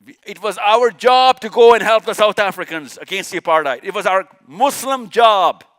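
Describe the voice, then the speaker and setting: At a live session, a man from Pakistan preaches an impassioned religious lecture, repeating himself for emphasis and firing rhetorical questions at the crowd. His high voice carries lively intonation, a fairly bright tone, and a normal speed.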